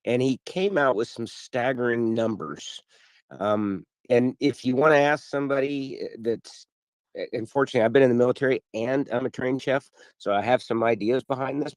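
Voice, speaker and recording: A man's voice: medium pitch, a little mellow, dry recording. Friendly questioning man, dry mic. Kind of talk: casual chat.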